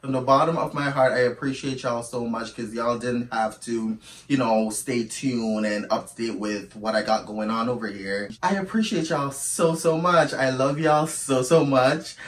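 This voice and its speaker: This man speaks at a moderate pace in a mid-range voice, far enough from the mic that the room echoes around him. He's a storytime YouTuber, chatty and animated, spinning a casual monologue and calling his audience "girl."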